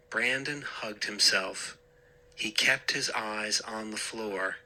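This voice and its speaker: A male storyteller reading a scary story in a slow, dramatic manner. His voice is somewhat low but bright and forceful. He gives each line careful weight. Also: fairly even intonation, rough recording. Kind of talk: scripted horror story narration.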